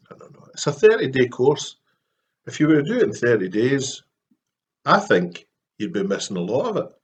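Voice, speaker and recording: A Scottish man with a lowish voice speaks to camera in a casual, heartfelt vlog. He talks softly and earnestly, with frequent pauses and fillers. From Scotland. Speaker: Christian artist vlogger.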